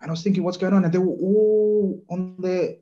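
A man chatting as a podcast guest, telling stories in an animated, rambling way. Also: sits high, brisk, highs cut off, faint music behind. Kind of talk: casual football chat.

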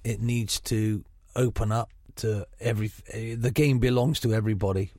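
In a clean studio with no room sound, a middle-aged football manager speaks frankly on the radio in his Gloucestershire burr. He's chatty and keeps restarting sentences, using a lowish, steady, darkish voice at a moderate pace.

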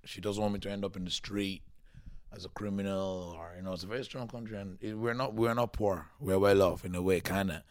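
A man in his thirties from Nigeria, a comedian guest telling his story in a casual, animated way with many restarts. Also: sits low, brisk, no room sound, studio quality. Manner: chatty and animated, restarts a lot, acts out quotes.

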